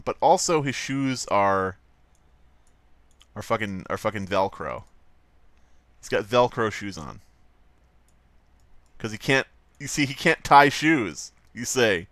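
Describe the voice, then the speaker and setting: A man's voice: mid-range voice, expressive, measured pace, long pauses, fairly bright tone, no echo. A man casually commenting on his livestream while drawing, rambling, joking and swearing a lot. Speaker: streamer.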